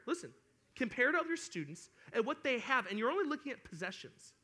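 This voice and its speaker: A young man gives a lively youth sermon to students. His voice is high and bright, and he acts out complaining kids as he talks. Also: moderate pace. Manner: animated, acts out whiny kids. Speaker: youth pastor.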